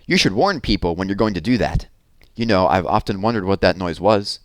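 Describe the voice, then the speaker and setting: A kindly stargazing man from a storybook, as a man reads him, patient and gently amused. The voice is low and dry, recorded close. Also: lively intonation, brisk, no room sound. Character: kindly grown man with a telescope.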